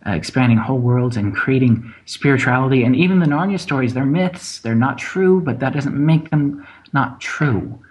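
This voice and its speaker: A man's voice: mid-range voice, lively intonation, normal speed, hardly any pauses, low-quality recording. A man who is a playwright, speaking in a casual conversation as a guest, often restarting and repeating words.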